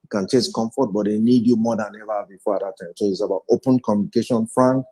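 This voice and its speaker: A man in his forties speaks as a guest in an interview, offering earnest, reflective personal testimony and recounting past conversations. His voice is fairly low and dark, his tone steady, and he talks fast. The recording quality is poor.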